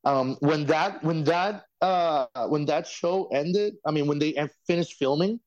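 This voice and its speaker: A man speaking as a podcast guest in casual chat, talking in an effusive, excitable, loose and profane way. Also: a little high, a little slow. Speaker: reality show alumnus guest. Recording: dull lo-fi sound.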